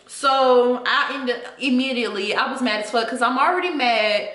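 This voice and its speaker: Young woman vlogger, fairly high and bright, profane and heated, echoey room. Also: normal speed. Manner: heated, profane, venting to viewers. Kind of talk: casual storytime rant.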